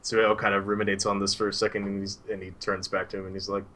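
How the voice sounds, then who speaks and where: A man's voice: fairly low pitch, completely flat delivery, fast talker, bright, forceful tone, slight background noise. A man narrating his part in a story game casually, with many fillers. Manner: loose, filler-heavy.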